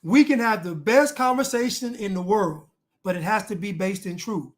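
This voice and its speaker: A man's voice: high voice, normal speed. A man reacting to clips with blunt, emphatic commentary, repeating lines for emphasis.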